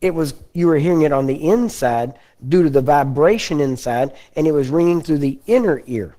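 A man with a Texan accent preaching a folksy, conversational sermon and often clearing his throat. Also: on the high side, expressive, normal speed, warm tone. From Texas.

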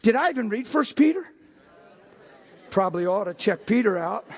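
High gravelly older preacher man. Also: lively intonation, normal speed. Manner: preaching with sudden shouted outbursts. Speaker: pastor. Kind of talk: sermon.

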